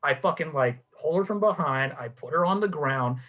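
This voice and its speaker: A man's voice: on the high side, moderate pace. A young man in casual podcast chat, telling a story with energy and acting out the quotes. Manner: animated storyteller, acts out quotes. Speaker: podcast co-host.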